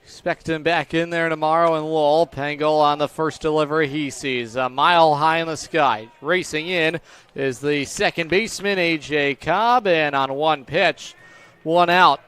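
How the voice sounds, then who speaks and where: Brief: male play-by-play voice, slightly high, brisk, upbeat live baseball call. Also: a bit bright, smooth. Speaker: play-by-play announcer.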